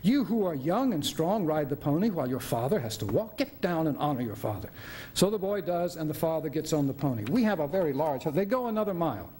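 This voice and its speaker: A man's voice: on the high side, very animated, fairly quick, darkish tone. An older man giving a dramatic reading of a play, voicing a sardonic middle-aged male writer who tells a bitter story. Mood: storytelling. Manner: wry storyteller, biting.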